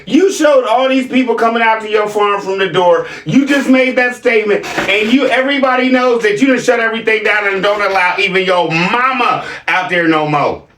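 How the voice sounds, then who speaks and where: A man's voice: sits high, moderate pace, few pauses, fairly bright tone, roomy sound, recorded from a distance, slight background noise. A man hosting a reaction video, mocking a clip with sarcastic commentary and repeated catchphrases.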